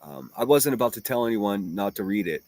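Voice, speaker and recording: A man's voice: lowish voice, expressive, brisk, darkish tone, no echo. A man hosting a livestream, reading chat and ranting in a profane, mocking and combative way. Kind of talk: casual livestream rant.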